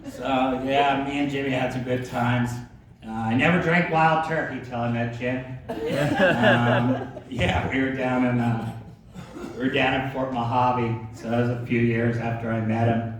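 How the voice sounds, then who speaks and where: A man's voice: mid-range voice, steady tone, measured pace, a crowd in the background. A man telling a laid-back, laughing anecdote about an old golf buddy, swearing freely and heard from far off in an echoey room. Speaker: storyteller remembering a friend. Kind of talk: casual anecdote. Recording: echoey room, mic from far off, ambient noise.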